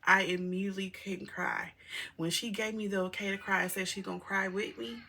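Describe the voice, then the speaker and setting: A woman's voice: medium pitch, fairly even intonation, fairly quick, pushed and bright, a little hiss or hum. A middle-aged mother telling her viewers a personal story in a candid, rambling, emotional way, often calling them y'all. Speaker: single mother vlogger.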